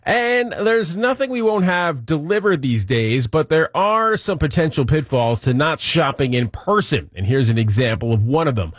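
A man's voice: on the high side, animated, moderate pace, hardly any pauses, no echo, studio quality. A man presenting a light news segment on a morning radio show, upbeat and lightly amused. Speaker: radio entertainment segment host. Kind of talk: reading news items and bantering. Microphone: studio mic.

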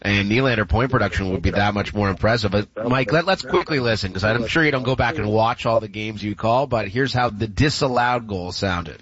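A man's voice: fairly low pitch, a little fast, few pauses, highs cut off, heavy background noise. A man hosting a sports radio show, upbeat as he introduces clips and segments.

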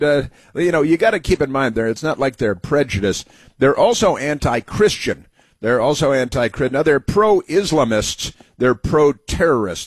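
Sarcastic guy doing a talk show monologue, middle pitch, dead dry close sound. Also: no room sound. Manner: sarcastic, mocking. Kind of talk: political commentary monologue.

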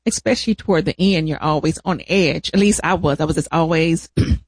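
A man telling family caregiving stories in an animated, laughing manner. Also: on the high side, husky, no echo. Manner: animated storyteller, laughs often, drawn-out emphasis. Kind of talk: casual family storytelling.

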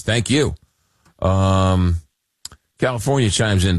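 A man with a low voice hosts a late-night call-in radio show. He reads listener notes and answers callers in a halting, filler-heavy way. The sound is dry and close to the mic. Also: big pitch swings, no room sound. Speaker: radio talk show host.

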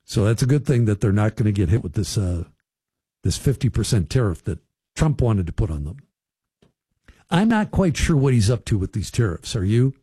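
A man hosting a talk radio show from a studio, chatting with listeners in a loose, folksy way. His voice sits on the darker, mellow side with a husky edge. The sound is close and dry. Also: on the low side, big pitch swings, normal speed, no room sound. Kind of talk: casual radio talk commentary.

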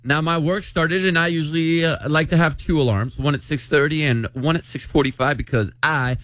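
A man's voice: on the high side, fairly even intonation, fairly quick, fairly bright tone, no echo. A man hosting a morning radio show in a casual, chatty way, reading out a listener's letter. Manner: chatty, laughs easily, many restarts.

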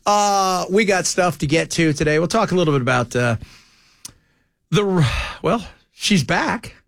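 Male talk radio host, high animated voice, dry close studio sound, joking banter. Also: a little slow, gravelly, dry recording. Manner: animated, mocking put-on voices. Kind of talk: casual banter.

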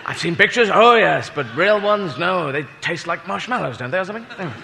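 A man's voice: high voice, lively intonation, quick pace, gravelly. A man doing stand-up comedy, rambling and self-mocking, with sweary asides. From Britain. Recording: reverberant hall with loud crowd noise.

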